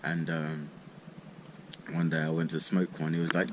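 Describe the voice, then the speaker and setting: A man's voice: rumbling low, level tone, normal speed, long pauses, rough recording. A man telling a rambling, sweary story in a laid-back way, smoking as he talks. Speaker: vlogger. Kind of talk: casual storytime. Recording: noticeable background noise.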